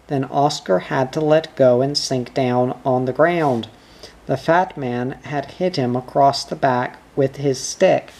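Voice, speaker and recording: A narrator reading a children's storybook aloud at a slow, deliberate pace. The delivery is careful and measured. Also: medium pitch, darkish tone.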